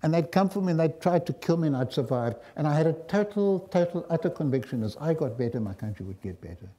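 An older man with a South African accent, giving a lecture as a guest speaker and telling personal stories in a reflective, wry way with frequent pauses. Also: a little high, expressive, dark tone. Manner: reflective, wry, pausing often. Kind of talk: storytelling lecture.

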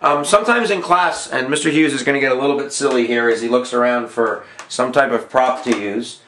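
A male history teacher talks through an exam review in a loose, jokey way, hammering key points and poking fun at himself. His voice sits mid-range for a man. The sound is roomy, with a clear echo. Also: medium pitch, a little fast, sharp tone, a little hiss or hum. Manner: jokey, self-mocking, emphatic. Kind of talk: casual exam-review lesson. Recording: echoey room.

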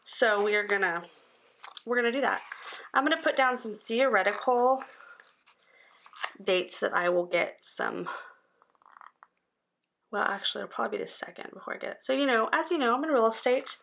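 A tired woman in her thirties chatting casually as she fills in a planner, rambling and dropping into soft asides under her breath. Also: on the high side, moderate pace, creaky, pauses often. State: tired, yawning. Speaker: planner vlogger. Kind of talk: casual chat while planning.

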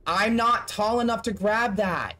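A streamer talking through a game demo live, in a mid-pitched voice that sits neither high nor low. The talk is loose and profane, full of exasperated asides aimed at the game and the chat. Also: a little slow, pushed and bright. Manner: profane, exasperated running commentary.

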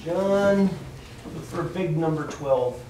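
A man teaching a children's Sunday school class, telling a Bible story slowly and with animation and asking the children questions. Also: fairly high pitch. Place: church classroom. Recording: echoey room, distant mic, faint noise.

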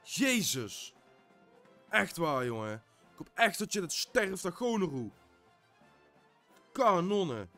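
A man's voice: high-pitched, sing-song, slow, pauses often, bright, forceful tone, soft background music. Swearing young gamer guy. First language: Dutch. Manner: frustrated, swears constantly; mutters self-talk. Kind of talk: live gameplay commentary.

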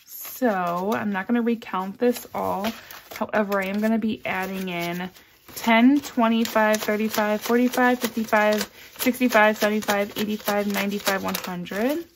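Soft-spoken woman counting cash aloud. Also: fairly even intonation, normal speed, slight background noise. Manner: counts bills aloud in a soft, low murmur; chatty and upbeat between counts. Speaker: budgeting vlogger. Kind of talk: casual cash-stuffing vlog.

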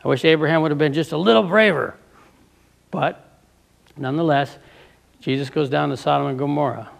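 Reading from a book and commenting as he goes, this preacher speaks at a normal speed in a gravelly, fairly high voice, with long pauses. Every so often he breaks off to ask his audience fervent rhetorical questions.

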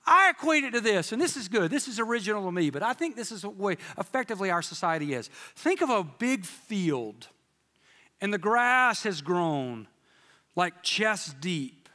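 A man preaching a sermon as pastor, telling stories in an animated, joking way with playful quoted voices, in a church sanctuary. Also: high voice, moderate pace, in a large hall.

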